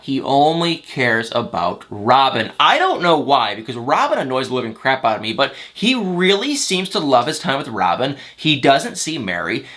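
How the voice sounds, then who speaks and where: A man who hosts a celebrity gossip channel, recapping a reality show in a chatty, exasperated, animated way. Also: a little high.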